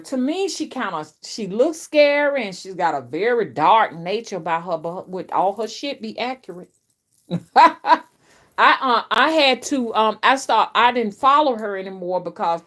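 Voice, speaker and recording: Middle-aged woman, spiritual reader, casual live-stream chat, rambling, repeats herself, swinging loudness. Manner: chatty, repetitive, with big swings in pitch and loudness. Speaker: spiritual reader and channel host.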